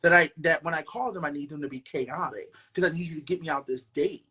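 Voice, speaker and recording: A man hosting a casual podcast chat, talking in a loud, dramatic and sassy way. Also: fairly high pitch, fast, slightly rough. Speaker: podcast host.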